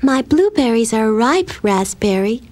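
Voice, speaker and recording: A woman voicing a shy, dreamy little girl who talks softly and hesitantly in a storybook reading. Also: fairly high pitch, sing-song, measured pace, voice pushed up. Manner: soft, timid and hesitant.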